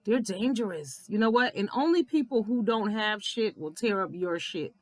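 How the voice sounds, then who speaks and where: A woman giving a blunt, profane, animated recap of a reality TV episode, laughing often as she talks. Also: mid-range voice, normal speed, dry recording. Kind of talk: casual episode recap commentary.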